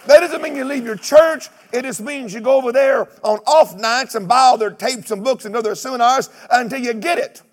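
A man preaching a sermon, telling stories with humor, mimicking other preachers and breaking into shouted exclamations. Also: extremely high pitch, brisk, few pauses, long reverb tail. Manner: animated storytelling with shouted exclamations.

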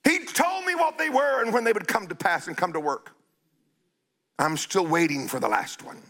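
An older man preaching a sermon in a blunt, scolding way, stretching out key phrases and breaking into shouts. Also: high voice, expressive, moderate pace.

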